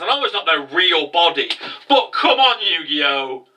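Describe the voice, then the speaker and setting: A man recapping an anime episode casually, animated and swearing freely. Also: a little high, normal speed, distant mic, poor audio. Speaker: anime reviewer.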